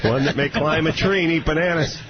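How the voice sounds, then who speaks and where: A man hosting a talk radio show, interviewing a guest and throwing in quick wisecracks. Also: a little high. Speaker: radio host. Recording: dull radio broadcast with noise.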